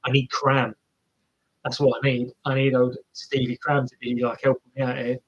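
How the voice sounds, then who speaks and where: With a flat delivery and medium pitch, this man streams live commentary on a marathon at a moderate pace, and the recording has its highs cut off. He's casual, chatty and pokes fun at himself while cheering the runners.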